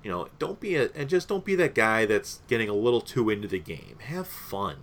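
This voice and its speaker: A man's voice: lowish voice, big pitch swings, fairly quick. Rambling young male podcast host. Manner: rambling, with many fillers and laughs. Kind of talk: casual podcast chat.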